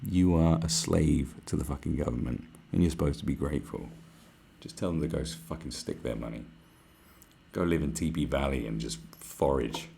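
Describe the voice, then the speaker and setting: A man hosting a podcast, delivering a profane, animated ranting monologue and mocking other people's voices. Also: extremely low pitch, normal speed, vocal fry, slight background noise. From United Kingdom. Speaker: podcast host.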